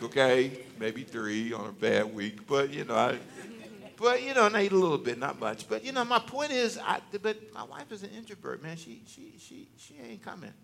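A man's voice: a little high, creaky, a bit bright. A male preacher giving a conversational, joking sermon to a church congregation, teasing and talking directly to them.

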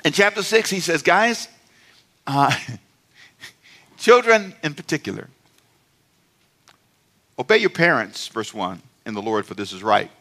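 A man's voice: a little high, lively intonation, measured pace, pauses often, sharp tone. A middle-aged man, a pastor, preaching a sermon in a playful, conversational way and calling on the congregation to respond.

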